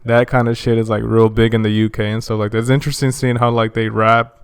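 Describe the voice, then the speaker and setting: Gravelly-voiced laid-back podcast host. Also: male voice, on the low side, level tone, quick pace, no room sound, studio quality. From United States. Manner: slangy, laid-back, says bro a lot. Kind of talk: casual chat.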